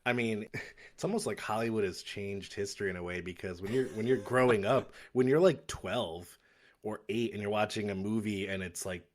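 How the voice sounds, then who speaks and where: A laid-back man in his thirties fills in as co-host on a casual podcast. His voice sits a bit low, and he chuckles easily between remarks. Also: moderate pace. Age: 30s. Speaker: guest co-host. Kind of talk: casual chat.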